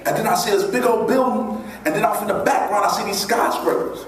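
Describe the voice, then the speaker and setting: Male keynote speaker, animated storyteller, slightly high voice, heard from a distance in an echoey hall. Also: brisk. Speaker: motivational speaker. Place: large event hall. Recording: echoey hall from far off, faint noise.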